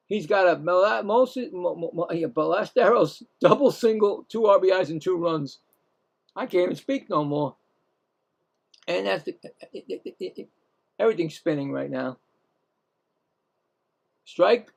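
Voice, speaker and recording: A man's voice: on the high side, creaky, highs cut off. A man hosting casual live baseball play-by-play, rambling, self-mocking, and often stumbling and correcting himself. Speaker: play-by-play host.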